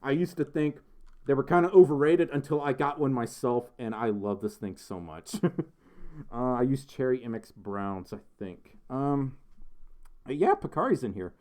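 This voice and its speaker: A man's voice: medium pitch, lively intonation, normal speed, darkish tone. Giggly, rambling young male streamer. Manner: rambling, giggly, lots of ums and restarts. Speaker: livestream host. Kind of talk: casual livestream chat reading viewer messages.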